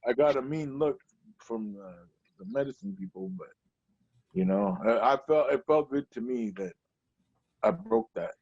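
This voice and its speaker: A man from Portland, Oregon, a stand-up comedian, tells stories in a medium-pitched, slightly mellow voice with lively intonation, a moderate pace, and frequent pauses. His talk rambles loosely and is filled with "you know," captured on a dull, dry lo-fi recording with no echo.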